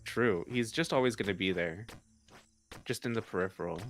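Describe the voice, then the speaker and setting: A man's voice: lowish voice, normal speed, soft background music. A man co-hosting a live stream, playfully reading chat messages aloud and laughing often.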